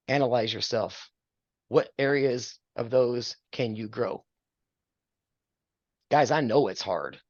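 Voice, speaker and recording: An older man gives earnest, preacherly counsel to a married couple and pokes fun at himself along the way. His voice has a gravelly rasp and sits close and dry in the mic. The recording is dull and lo-fi. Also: medium pitch, no room sound. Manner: earnest, preacherly, self-deprecating. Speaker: marriage mentor. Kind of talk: counseling talk with scripture.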